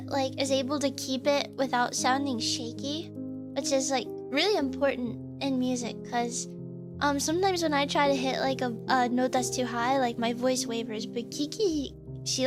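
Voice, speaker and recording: High-voiced woman chatting on stream. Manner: rambling, chatty, many fillers and restarts. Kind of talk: casual live-stream chat. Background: faint background music.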